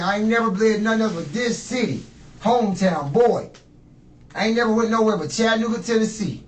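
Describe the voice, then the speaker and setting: A man's voice: high voice, animated, a little fast. Rambling profane man in echoey room. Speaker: suspect being questioned. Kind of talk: rambling interrogation talk. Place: interrogation room. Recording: echoey room, distant mic, faint noise.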